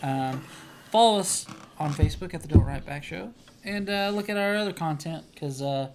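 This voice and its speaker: A man with a fairly high voice closes out a casual podcast, relaxed and loose, with plenty of fillers. Faint noise sits behind him. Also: moderate pace. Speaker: podcast co-host. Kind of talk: casual chat.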